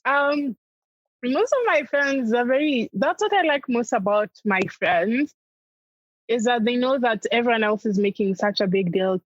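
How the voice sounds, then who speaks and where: A woman's voice: a little high, unhurried, highs cut off, a little hiss or hum. A young adult woman, a comedian guest, chatting animatedly and laughing often. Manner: animated, laughs often, acts out family in quotes. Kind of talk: casual interview chat.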